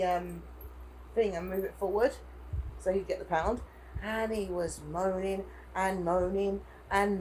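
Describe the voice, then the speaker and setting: A woman's voice: medium pitch, a little hiss or hum, poor audio. A woman chatting casually in a vlog, rambling through a story full of "I went, he went". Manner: rambling retelling with lots of "I went, he went". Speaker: vlogger.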